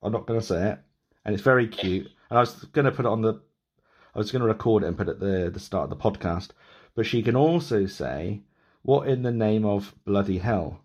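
A man's voice: on the low side, animated, quick pace, a little mellow. A man in his thirties hosting a podcast, chatting loosely with many restarts and laughs. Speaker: podcast host. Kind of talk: casual interview chat.

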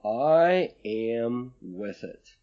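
A man's voice: medium pitch, extremely slow, highs cut off. A man co-hosting a podcast in casual chat, ranting and swearing as he talks. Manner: profane, ranting, animated. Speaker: podcast co-host.

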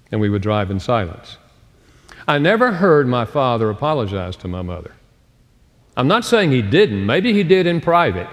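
Animated man preaching in a reverberant hall. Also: medium pitch. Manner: expressive, slows down for emphasis and acts out quoted dialogue. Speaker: speaker on relationships. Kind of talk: sermon-style talk. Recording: long reverb of a large hall.

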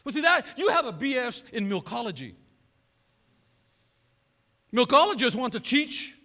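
A man preaching a sermon as pastor, animated and conversational, throwing asides to his congregation. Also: extremely high pitch, moderate pace. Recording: long reverb of a large hall.

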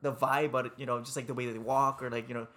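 Man, podcast host, rapid talker, relaxed chat, filler-heavy, mid pitch. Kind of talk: casual chat.

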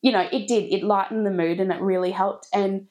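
A woman in her thirties hosts a candid podcast chat. She talks frankly and expressively and laughs often. Her voice sits at a middling pitch. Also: steady tone, fairly quick, a little mellow. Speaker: podcast host.

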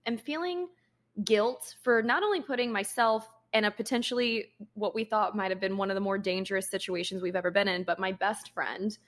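A young woman co-hosting a podcast, telling her side of a story in a blunt, emphatic way and swearing now and then. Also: medium pitch. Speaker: podcast co-host. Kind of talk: casual storytelling chat.

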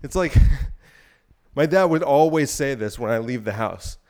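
A man's voice: mid-range voice, lively intonation, measured pace, darkish tone. A man hosting a solo podcast, rambling in a provocative, irreverent way while out of breath from exercise. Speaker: podcast host.

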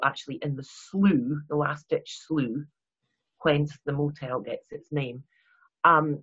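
A woman's voice: deep voice, slightly rough, muffled recording. A Scottish woman being interviewed as a guest author, chatty and self-deprecating, rambling with many restarts. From Scotland. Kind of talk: casual interview chat.

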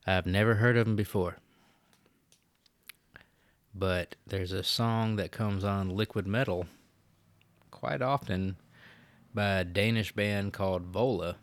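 A man's voice: slow pace, pauses often, no room sound. A man co-hosting a podcast, chatting loosely and with lots of swearing. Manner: profane, rambling, mocking quotes in a high voice. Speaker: podcast co-host. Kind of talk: casual chat.

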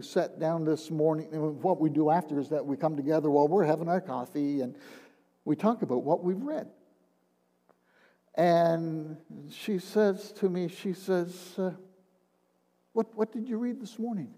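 Slow, mellow older man giving testimony. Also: on the high side, fairly even intonation. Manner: halting, repeats words, drops to a hushed tone. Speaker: retired minister. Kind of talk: personal testimony. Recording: long reverb of a large hall.

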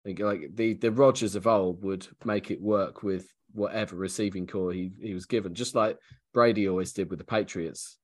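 A man with a fairly low voice chats casually about football on a podcast. He thinks aloud, restarts his sentences often and laughs easily as he weighs things up. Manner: analytical, hesitant, laughs easily. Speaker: podcast co-host. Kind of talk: casual sports chat.

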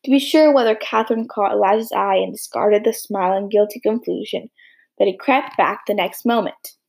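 A woman narrating an audiobook of a classic novel in a steady, measured reading with a husky, gravelly voice. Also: medium pitch.

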